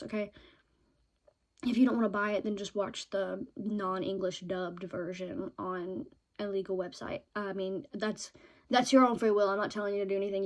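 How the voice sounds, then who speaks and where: A young woman vlogging in a chatty, excitable way about her favorite shows and books, often ending points with "okay?". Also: medium pitch.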